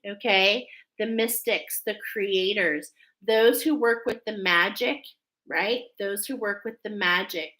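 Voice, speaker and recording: Bright-voiced woman giving a spiritual reading. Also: mid-range voice, low-quality recording. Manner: earnest, tags phrases with a questioning "okay?"; emotional, effusive. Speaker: oracle card reader.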